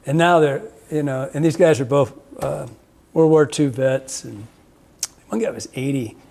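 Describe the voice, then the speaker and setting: A man's voice: mid-range voice, unhurried, gravelly, a little mellow. A man hosting a fishing podcast, telling rambling stories with frequent laughs and salty language. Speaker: podcast host, fly fishing guide. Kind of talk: casual storytelling chat.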